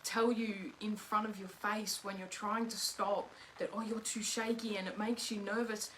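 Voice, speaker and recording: A woman's voice: medium pitch, flat delivery, normal speed, fairly bright tone, slight background noise, low-quality recording. Earnest young woman telling a story. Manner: earnest, emotional, retelling dialogue. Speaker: guest, host's daughter. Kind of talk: casual personal storytelling.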